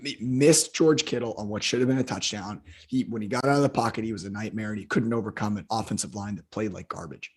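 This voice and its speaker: Hoarse man ranting about football. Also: lowish voice, fast, hardly any pauses. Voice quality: husky. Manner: heated, profane ranting. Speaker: football analyst co-host. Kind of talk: casual podcast chat.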